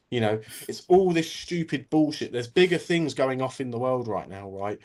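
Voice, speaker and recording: A man's voice: medium pitch, moderate pace, few pauses, a little mellow. A man ranting casually as a guest on a talk stream, blunt and full of swearing.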